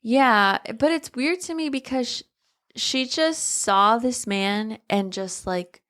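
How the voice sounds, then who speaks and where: A woman's voice: on the high side, slow pace, a bit bright. Chatty young woman podcast co-host. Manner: chatty, backchannels a lot, asks questions, swears casually. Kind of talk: casual book discussion.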